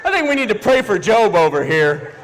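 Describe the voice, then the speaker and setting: A man doing stand-up comedy in a church hall, animated and quick to switch into voices for the people he quotes. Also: high-pitched, a faint crowd, slight background noise. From Philadelphia. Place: large church hall before a live audience. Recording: echoey hall.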